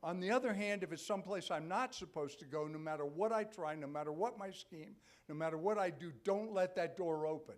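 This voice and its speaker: An older man preaching a sermon in a church, talking to the congregation in a conversational way, checking in with frequent "okay?" and building to loud, emphatic peaks. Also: high voice, brisk, hardly any pauses. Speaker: pastor. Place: church sanctuary.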